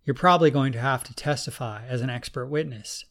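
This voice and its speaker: A man reading an audiobook, voicing a direct, businesslike woman police detective who asks questions briskly. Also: mid-range voice, fairly bright tone, natural voice.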